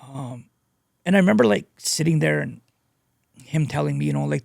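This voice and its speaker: A man sharing his addiction recovery story as a guest speaker. He talks in a halting, earnest way and leans on "you know" a lot. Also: a little high, vocal fry, darkish tone, no echo, clean studio sound. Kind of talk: personal testimony, casual storytelling.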